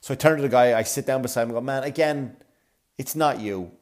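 A middle-aged man telling a long comic story, profane and rambling, with loud outbursts. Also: mid-range voice, fast. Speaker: comedian. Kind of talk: storytelling comedy rant.

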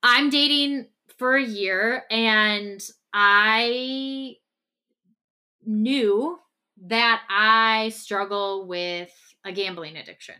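Bright-voiced woman podcast co-host. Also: on the high side, drawn-out words, smooth. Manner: walks through hypotheticals, checking in with "okay?" and "right?". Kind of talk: relationship podcast discussion.

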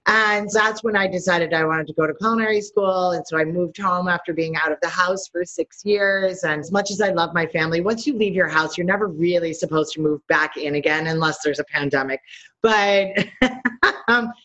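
Animated woman chef on slightly muffled audio. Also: on the low side, normal speed. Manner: lively, animated storytelling with laughs. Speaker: chef guest. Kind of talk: interview conversation.

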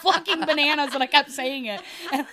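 Laughing, animated woman telling stories. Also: high voice, fairly quick, a crowd in the background. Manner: animated storyteller who laughs often; swears casually. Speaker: podcast co-host. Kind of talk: casual chat.

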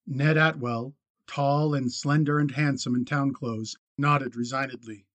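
Male audiobook narrator, measured and even; dry, mid-pitched studio read. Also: no echo. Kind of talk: scripted narration.

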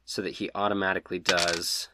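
Low-voiced male game master. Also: fairly quick, very noisy. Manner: relaxed, laughing at own dice rolls. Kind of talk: narrating a tabletop game.

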